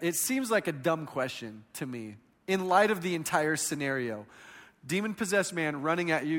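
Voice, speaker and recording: A man in his thirties preaching a sermon, telling stories in a conversational way that swings between loud and hushed. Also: high voice, long reverb tail.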